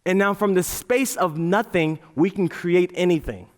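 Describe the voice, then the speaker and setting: A man giving a playful, animated motivational talk on a large auditorium stage, leading the crowd in chants. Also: high voice, moderate pace. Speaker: motivational speaker. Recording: reverberant hall.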